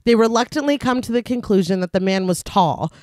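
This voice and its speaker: A woman's voice: mid-range voice, animated, fairly quick, a little mellow, dry recording, studio quality. A woman co-host of a podcast, narrating a film's plot in a casual recap and laughing often.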